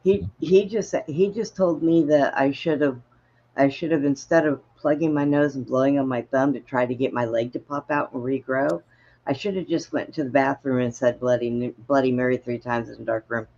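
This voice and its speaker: Woman co-host, casual chat, husky voice, dull lo-fi sound, joking. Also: very deep voice, steady tone, moderate pace, mellow. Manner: joking, teasing.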